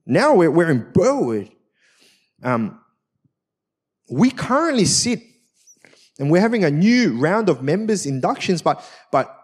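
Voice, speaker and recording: A man's voice: on the high side, slightly rough. A man, a senior pastor at a church service, preaching a personal story in a conversational, self-mocking way with frequent tag questions.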